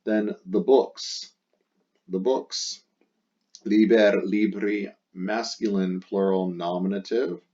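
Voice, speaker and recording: A man with a very low voice explains a language exercise in a patient, step-by-step way, going back over the key words again and again. The sound is dull and lo-fi, like a simple home recording. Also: steady tone, slow, dark tone. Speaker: Latin teacher.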